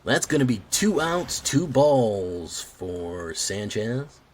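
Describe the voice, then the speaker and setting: A man voicing a male baseball sportscaster with a slow, drawn-out broadcast cadence. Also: medium pitch, sing-song, pitched above the performer's own voice. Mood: announcing.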